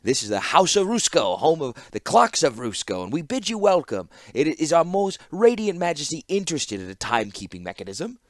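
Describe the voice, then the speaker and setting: A man reading an audiobook, voicing a fawning, rapid-talking male clockmaker. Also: on the high side, sing-song, no echo, studio quality, pitched above the performer's own voice. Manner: rapid, gushing, obsequious. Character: fawning middle-aged male clockmaker, groveling.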